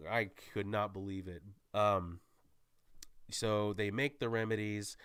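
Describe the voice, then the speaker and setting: A man giving a casual, excited spoiler recap as a movie reviewer, rambling and correcting himself as he goes. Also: lowish voice, clean tone, no room sound.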